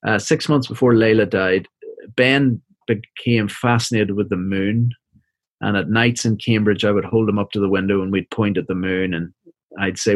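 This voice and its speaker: A middle-aged man with a fairly low voice speaks softly as a guest on an interview show. He tells a personal story in a reflective, halting manner and often repeats words as he gathers himself. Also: fairly even intonation, no echo. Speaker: interview guest, seminary professor and minister.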